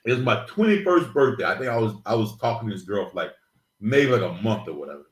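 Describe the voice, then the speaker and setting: A man talks in casual chat with a lively, swooping voice and acts out the lines of the people in his story. He laughs often as he goes. The room around him gives an echo. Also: fairly low pitch, quick pace. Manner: animated storytelling, laughing, acting out quotes. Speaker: podcast co-host.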